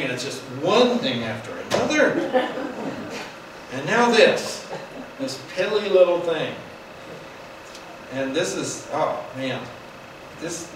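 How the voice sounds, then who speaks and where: A man teaching a Bible class in an animated, wry, conversational way. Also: fairly high pitch. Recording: echoey room from far off, noisy.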